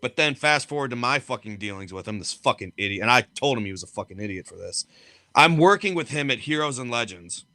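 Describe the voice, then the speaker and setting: A man's voice: medium pitch, animated, fast talker, pushed and bright, no echo, clean studio sound. A man co-hosting a podcast, telling blunt, profanity-laced stories in casual chat. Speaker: podcast co-host and wrestler.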